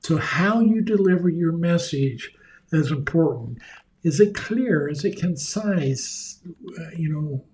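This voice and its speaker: A man's voice: fairly high pitch, animated, takes it slowly, darkish tone, slight background noise. A man giving a conversational leadership seminar in a folksy manner, acting out the voices of the people he quotes. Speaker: leadership speaker.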